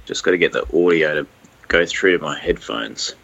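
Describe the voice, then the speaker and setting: A man with an Australian accent, a guest runner telling race stories in a relaxed way with fillers. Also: a bass voice, normal speed, creaky, dry recording, muffled recording. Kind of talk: casual phone chat.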